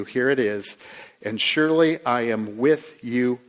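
A pastor preaches a little slowly in a conversational manner, asking his listeners questions. He swings from emphatic peaks to quiet, low asides.

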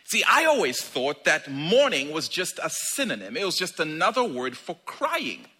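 A man preaching a sermon in a conversational, animated way, acting out little asides. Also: on the high side, moderate pace, breathy edge.

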